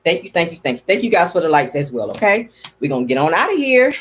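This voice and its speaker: Sassy lady streamer chatting w her viewers, lively up and down voice, calls everybody honey. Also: sits low, fast, a little hiss or hum. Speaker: livestream host. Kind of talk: casual comedic livestream chat.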